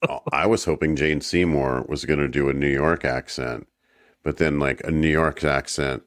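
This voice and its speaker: Very deep-voiced man, casual podcast chat. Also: steady tone, moderate pace, no room sound. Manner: joking, rambling, self-correcting. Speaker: podcast co-host.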